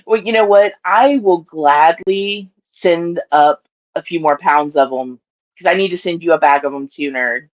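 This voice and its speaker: A woman's voice: fairly low pitch, unhurried, dull audio. A woman with a Southern US accent chatting casually to her live-stream audience, rambling and laughing often.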